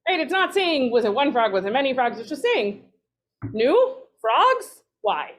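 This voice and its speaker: A woman, a rabbinic resident, leading a casual text study, chatty, with lively asides and quick self-corrections. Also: sits high.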